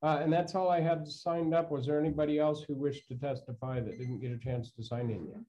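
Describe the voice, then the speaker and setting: A man chairing a public council hearing with a reassuring, procedural manner. His voice is mellow and dark, and the meeting audio sounds dull and lo-fi. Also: a little high, fairly even intonation, brisk.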